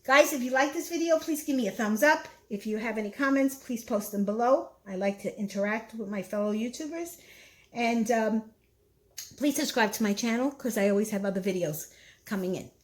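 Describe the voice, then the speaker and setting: Woman, Brooklyn accent, casual cooking vlog, rambling with fillers, slightly high voice. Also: brisk, rough recording. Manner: chatty, rambling, repeats herself with fillers. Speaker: cooking vlogger.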